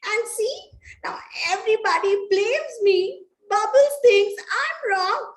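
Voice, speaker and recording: A woman's voice: very high-pitched, lively intonation, takes it slowly, reverberant, pitched above the performer's own voice, heavily acted, rough recording. A woman voicing a young girl puppet who sounds timid, anxious and hesitant.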